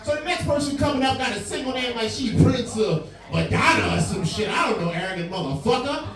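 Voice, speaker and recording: A man emceeing a live comedy night, with loud, crude banter for the crowd. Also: extremely high pitch, animated, brisk, over loud music. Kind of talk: live show hosting. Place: bar with live audience. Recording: echoey room from far off, loud crowd.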